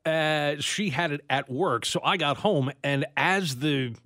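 A man hosting a radio talk show, relaxed, telling a story in casual chat. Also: on the high side, unhurried, no room sound, clean studio sound. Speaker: radio host.

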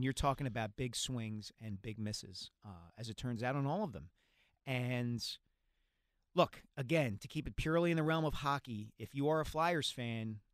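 A man with a mid-range voice breaks down sports news on a talk show. He speaks in a measured, careful, analytical way. The studio sound is dry and close. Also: mid-range voice, no echo. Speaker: sports columnist and co-host.

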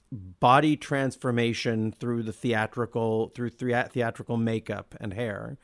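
Podcast guy geeking out about films, mid voice, slow drawn out words, lots of restarts. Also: medium pitch. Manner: thoughtful, enthusiastic, drawn-out words and frequent restarts. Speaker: podcast co-host. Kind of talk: casual film discussion.

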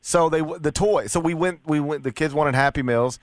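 A man's voice: fairly high pitch, normal speed, no echo, studio quality. A middle-aged man hosting a casual talk radio show, making his case with stammered restarts. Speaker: radio host.

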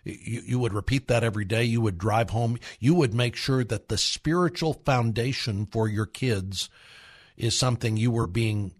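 A man's voice: mid-range voice, moderate pace. Earnest middle-aged man exhorting parents. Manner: earnest, exhorting, acts out quoted voices. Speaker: radio host. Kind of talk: radio talk to parents.

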